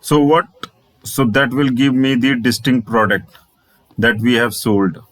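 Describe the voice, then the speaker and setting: A programming instructor walks through a screen-share coding lesson, spelling letters aloud and repeating phrases. He speaks unhurriedly in a steady, mid-range, slightly bright voice, with no room sound and poor audio.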